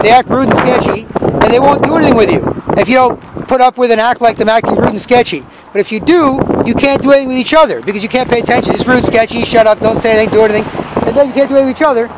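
A man's voice: extremely high pitch, very fast, very noisy. A man delivering a rambling, profane street rant outdoors in a city square. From Canada.

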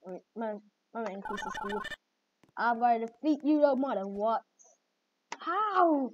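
A woman hosting gameplay commentary, excitable and reacting with repeated exclamations. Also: on the high side, a little slow. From Jamaica. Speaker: gaming channel host. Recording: dull lo-fi mic with faint noise.

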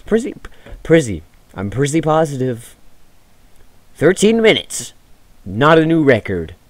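A man's voice: mid-range voice, big pitch swings, unhurried, no room sound. A man giving rambling, jumpy commentary on a horror game he is playing, yelping when startled. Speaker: gaming YouTuber. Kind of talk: let's play commentary.

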